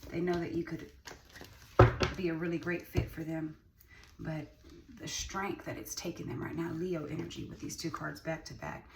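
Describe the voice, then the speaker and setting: Gravelly and low, her voice keeps a fairly even intonation at normal speed while she does a relaxed tarot reading. She swears freely, stresses her points, and repeats herself, all captured from a distant mic with ambient noise.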